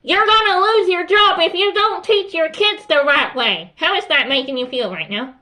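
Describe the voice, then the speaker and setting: Woman as a calm, strict principal. Bright and crisp, lecturing staff. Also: high-pitched, a little fast. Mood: firm. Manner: instructive, firm, repeats "okay?". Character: strict but calm adult female school principal.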